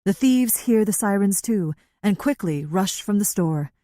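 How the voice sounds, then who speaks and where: Woman narrator, dark mellow tone, dry close sound, measured scripted storytelling. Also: mid-range voice, animated, dry recording. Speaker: audiobook narrator.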